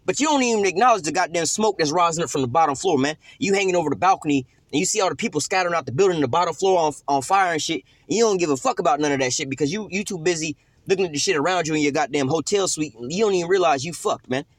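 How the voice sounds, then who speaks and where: Fast, profane street-style preacher man. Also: fairly high pitch, animated, no echo. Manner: profane, slangy, rambling. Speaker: scripture teacher. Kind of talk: informal sermon.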